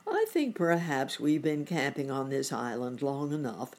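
A woman voicing a kindly, fussy old gentleman rabbit in a storybook reading. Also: rumbling low, animated, unhurried, exaggerated voice. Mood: planning.

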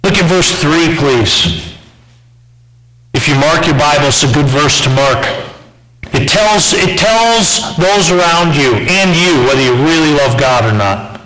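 A male pastor preaching a sermon in church, asking the congregation questions and swinging between raised and softer passages. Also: fairly high pitch, animated, unhurried, rough recording. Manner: preacher who asks the church questions and swings from loud to soft.

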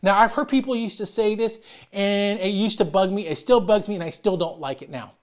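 A middle-aged man preaching a sermon as pastor, loud and emphatic, calling out to his congregation. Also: sits high, brisk.

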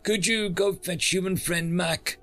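A man's voice: high voice, fairly even intonation, a little slow, a bit bright, soft background music, voice pushed up. Man doing a curious hoofed alien woman. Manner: inquisitive, mild and polite.

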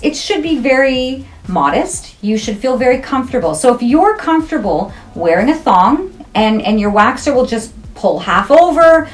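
A middle-aged woman esthetician, talking frankly and jokingly in a casual interview. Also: a little high. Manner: frank, jokey and chatty.

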